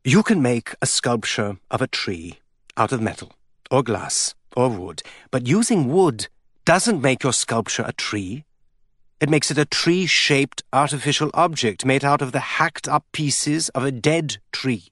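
A man's voice: medium pitch, lively intonation, unhurried, a bit bright, dry recording, studio quality. A man reading an audiobook, voicing a scornful man who lectures with contempt. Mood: contemptuous. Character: scornful man, harsh institute head.

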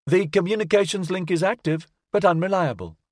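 A man's voice: high voice, no echo, studio quality, pitched above the performer's own voice, close to an everyday voice. A man doing a piping snake robot. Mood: precise. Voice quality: piping, rapid. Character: rapid piping male snake robot, proud.

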